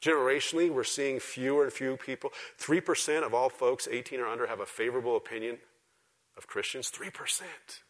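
A man preaches to his congregation at a middle pitch. His delivery is emphatic, rising to forceful exhortation and then dropping to soft, confiding asides. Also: steady tone, quick pace. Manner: emphatic preaching, swinging between loud exhortation and quiet intimacy. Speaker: pastor. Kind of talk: sermon. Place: church service before a congregation.

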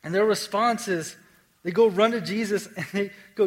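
A man preaching a sermon in a casual, conversational way, moving between lively emphasis and quiet, hushed stretches. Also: high-pitched, normal speed, poor audio. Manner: conversational, swings from energetic to hushed. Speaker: pastor.

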